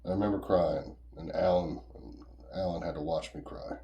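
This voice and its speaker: A man's voice: sits low, steady tone, moderate pace, dark tone, dull audio. A man casually telling a personal story in a rambling, profane, conversational way.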